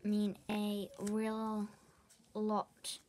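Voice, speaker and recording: Slow-talking young girl crafting at home. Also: medium pitch, completely flat delivery, a little mellow, a little hiss or hum. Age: child. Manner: rambling, talks to herself while crafting, drifts into whispers. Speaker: vlogger. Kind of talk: chatty craft tutorial vlog.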